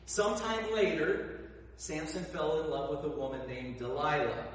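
A man preaching a sermon, telling the story in an animated way and acting out the characters. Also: fairly high pitch, moderate pace, a little hiss or hum. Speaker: pastor. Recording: echoey hall, voice from far off.

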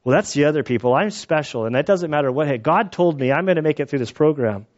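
Man playing a brash young recruit, cocky, fast and low, dull recording. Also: lively intonation, darkish tone, natural voice. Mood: boastful. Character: cocky young male recruit, boastful and overconfident.

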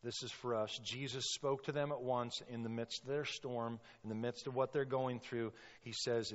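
A man's voice: medium pitch, fairly even intonation, normal speed, hardly any pauses. Impassioned male pastor in a reverberant hall. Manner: impassioned, acts out quotes with sudden loud bursts. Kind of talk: sermon. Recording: long reverb, dull sound.

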